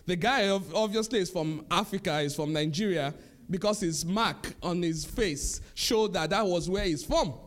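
A middle-aged male pastor preaching an animated sermon, repeating his points with chuckles. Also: high voice, normal speed.

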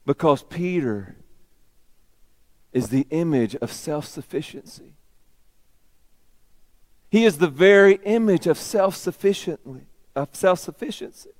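A man preaching a sermon in a dramatic way, dropping to a whisper and rising to loud emphasis. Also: a little high, expressive, measured pace, long pauses.

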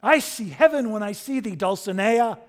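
A preacher doing a lovestruck deluded knight. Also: male voice, high-pitched, animated, moderate pace, pitched above the performer's own voice. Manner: flowery, archaic, solemn declaiming. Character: deluded courtly old knight, lovestruck and grandiose.

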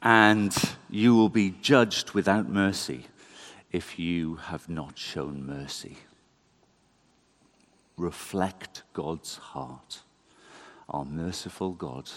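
A man giving a conversational, animated sermon in a church. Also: deep voice, drawn-out words, long pauses. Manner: conversational, animated, self-deprecating. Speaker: preacher.

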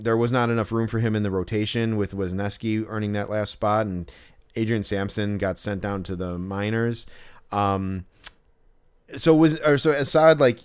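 A man's voice: fairly low pitch, clean tone. A man co-hosting a podcast in casual chat, rambling with lots of fillers and restarts. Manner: acts out exasperated yelling when quoting himself. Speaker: podcast co-host.

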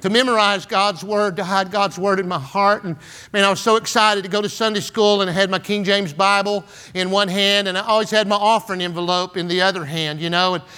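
A man's voice: sits high, steady tone, fairly quick, pushed and bright, clear, resonant tone. A man, preaching in a folksy, storytelling way full of "and, uh" and "man". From San Antonio, Texas. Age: 60s. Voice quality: folksy, filler-heavy with "and, uh" and "man". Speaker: pastor. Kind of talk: storytelling sermon.

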